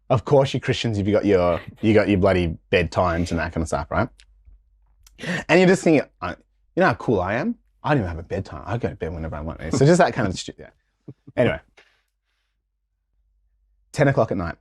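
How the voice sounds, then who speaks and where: A man tells stories in a casual interview, slangy and lively, jumping into other people's voices as he goes. His voice sits low. The sound is close and dry. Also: breathy edge, no echo. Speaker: guest.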